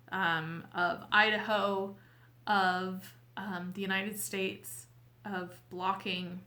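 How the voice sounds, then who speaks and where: A woman host talking casually and heartfelt to her viewers, tearful and earnest, with a halting way of speaking. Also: medium pitch, bright, forceful tone. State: weepy, tearful. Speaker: tarot reader and channel host. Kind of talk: casual heartfelt talk to camera.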